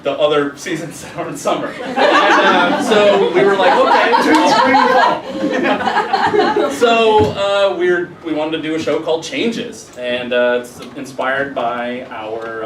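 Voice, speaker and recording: A man's voice: medium pitch, a little slow, recorded from a distance, crowd noise. A man hosting a live improv show, rambling and laughing at his own stumbles. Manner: rambling and self-mocking, full of fillers. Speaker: improv host. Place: theater stage. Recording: roomy theater audio from afar, noisy.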